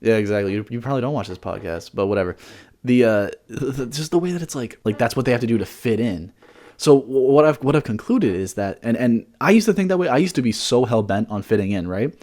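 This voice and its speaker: A man's voice: mid-range voice, animated, fast talker, darkish tone. A young man co-hosting a podcast, chatting casually in a rambling way, often repeating words and swearing freely. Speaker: podcast co-host.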